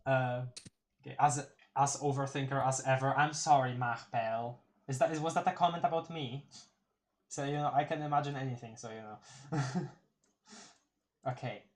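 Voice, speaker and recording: Giggly, rambling streamer voice, mid pitch, casual webcomic live read. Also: fairly even intonation, normal speed. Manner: giggly, rambling, often restarts words. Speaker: streamer reading a webcomic aloud.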